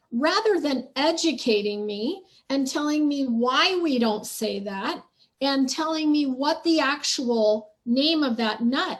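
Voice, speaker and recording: A woman podcast host and spiritual teacher telling a personal story in an earnest, reflective monologue. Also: high-pitched.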